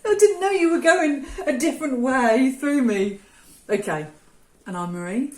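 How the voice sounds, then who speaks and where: A woman's voice: high voice, lively intonation, normal speed. Picture a chatty, self-mocking woman trading jokes with her partner in casual outtakes. Her voice has a roomy echo around it. She laughs easily at her own slip-ups. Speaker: reselling channel co-host. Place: home filming room with ring light.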